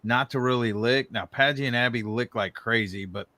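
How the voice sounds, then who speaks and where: A man's voice: normal speed, bright, forceful tone, no room sound. A man co-hosting a casual livestream, teasing his guests and laughing often. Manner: teasing, laughs often, jumps to high-pitched mock exclamations. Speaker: co-host of a homestead livestream. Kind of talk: casual chat. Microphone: video call.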